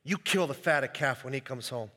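A man preaching a sermon as pastor, animated and acting out the quoted voices. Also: mid-range voice, moderate pace, long reverb tail.

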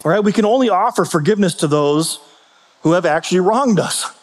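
High-voiced preaching man in a reverberant hall. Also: animated, brisk. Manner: conversational preaching with rhetorical questions and restarts. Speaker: pastor. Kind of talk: sermon.

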